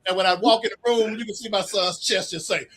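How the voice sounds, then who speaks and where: A crowd murmurs in the background while a middle-aged author with a high voice talks fast in an interview. He tells his stories casually and animatedly, acting out what people said.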